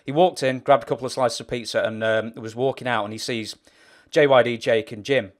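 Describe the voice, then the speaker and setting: A man's voice: medium pitch, steady tone, fairly quick. A man, the interviewer, casually retelling a story he was told, chuckling as he goes. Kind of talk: casual chat.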